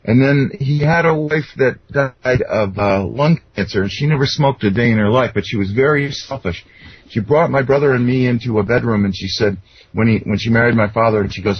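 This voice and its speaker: A man's voice: mid-range voice, a little fast, slightly rough, no echo. A man telling personal anecdotes in a casual, rambling way, with many fillers and restarts. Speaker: guest. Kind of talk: casual storytelling interview. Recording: dull lo-fi sound.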